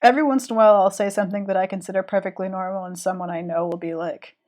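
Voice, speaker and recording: A woman's voice: medium pitch, rapid-fire. A woman with a Southern American accent, chatting casually and thinking aloud while she draws live on stream. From Southern United States. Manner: relaxed, thinking aloud, trailing off while concentrating. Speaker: streaming illustrator.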